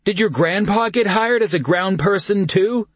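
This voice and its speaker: Rowdy young cousin voiced by a man, raised pitch, lively, husky, dry. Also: normal speed, dry recording. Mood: tipsy teasing. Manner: loud, excited, mocking. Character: boisterous young man, loud teasing cousin.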